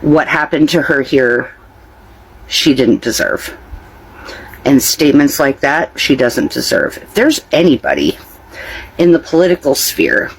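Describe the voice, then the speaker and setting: A man speaking casually to camera in an earnest, somewhat halting delivery. His voice sits a little higher than usual for a man, and he presses his points with plain urgency. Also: low-quality recording.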